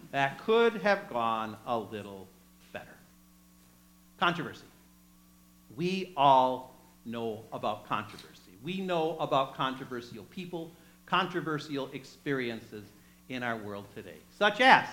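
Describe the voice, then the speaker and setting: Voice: medium pitch, a bit bright, poor audio. A preacher giving a sermon, retelling a story with chatty asides to the congregation and acting out the voices in it. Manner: acts out quoted voices.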